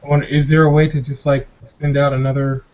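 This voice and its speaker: A man hosts a casual group video chat, rambling along with laughs and repeated words. His voice sits at a middle pitch. The call audio sounds muffled and lo-fi. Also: level tone, fast talker, darkish tone. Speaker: host of a motovlogger hangout.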